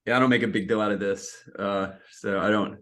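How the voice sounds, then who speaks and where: A man speaking as a guest author on a podcast, easygoing and unhurried in his answers. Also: lowish voice, fairly even intonation, pushed and bright. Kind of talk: casual interview.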